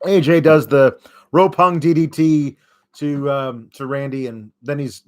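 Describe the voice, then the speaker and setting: A man's voice: fairly high pitch, steady tone, a little slow, a little mellow. A young man hosting a podcast, giving a casual, sarcastic wrestling recap and mocking the wrestlers as he goes. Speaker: podcast host.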